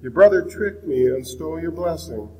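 A man reading the part of an aged, blind father in a scripture reading, in a measured, solemn way. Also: fairly high pitch, animated, darkish tone, big-room sound, pitched above the performer's own voice, natural voice, rough recording. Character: aged blind father blessing his son.

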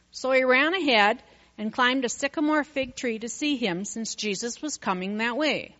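A woman reads scripture aloud in a measured, steady way, her voice slightly high. Long reverb trails behind her, and the recording sounds dull. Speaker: scripture reader. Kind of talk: scripture reading.

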